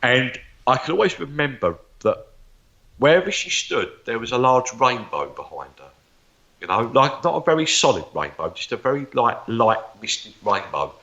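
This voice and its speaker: A man's voice: medium pitch, big pitch swings, moderate pace, sharp tone, dull audio. A man, a psychic medium, telling stories from his life in an interview, rambling and repeating words as he goes. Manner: rambling, repeats words, acts out remembered dialogue. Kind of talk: interview storytelling.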